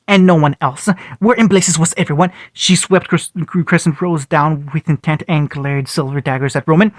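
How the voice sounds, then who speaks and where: Man, story reader, stumbling restarts, slightly high pitch, dry close sound. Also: steady tone, moderate pace, dry recording. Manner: frequent stumbles and restarts while reading. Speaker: fan fiction reader. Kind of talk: reading a story aloud.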